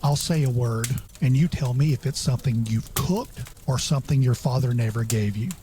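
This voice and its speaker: Mellow, mock-serious male host. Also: medium pitch, a little hiss or hum. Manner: mock-serious, measured questioning. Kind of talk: comedic improv interview.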